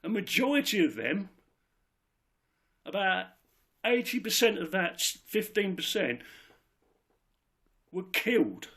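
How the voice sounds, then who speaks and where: A man delivers a heated monologue, swearing and driving his points home through repetition. His voice is gravelly and sits a little high for a man. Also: sing-song, slow pace, pauses often, a bit bright. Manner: ranting, emphatic, swears, repeats himself. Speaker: political speaker. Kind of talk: impassioned monologue.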